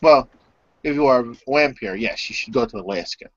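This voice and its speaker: A man voicing an old undead male vampire, a creepy foreign gentleman, speaking in a theatrical, sardonic way with broken grammar in a tabletop role-play. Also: mid-range voice, fairly quick, dry recording, close to an everyday voice. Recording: dull lo-fi recording.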